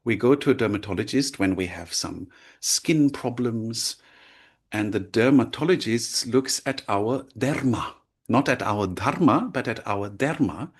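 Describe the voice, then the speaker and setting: A man's voice: medium pitch, expressive, measured pace, breathy edge. A man teaching a lecture, explaining with frequent checks like "right?" and "yeah?". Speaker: language teacher.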